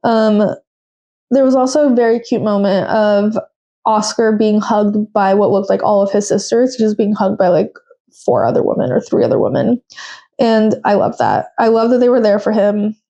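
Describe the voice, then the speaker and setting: Chatting alone on her podcast, a young woman recaps with firm opinions, frequent fillers and quoted voices. Her medium-pitched, mellow voice moves at a normal speed, but the recording is muffled.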